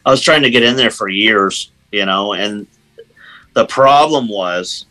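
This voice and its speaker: A man being interviewed as a guitarist, telling stories in a casual, animated way with lots of "you know"s. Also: on the low side, a little slow, low-quality recording. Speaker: guest guitarist.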